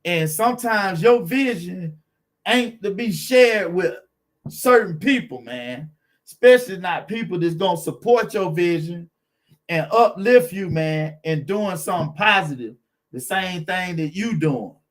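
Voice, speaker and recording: A man's voice: high voice, lively intonation, unhurried. A man hosting a car channel live stream, chatting with viewers in a laid-back, encouraging way and greeting them by name.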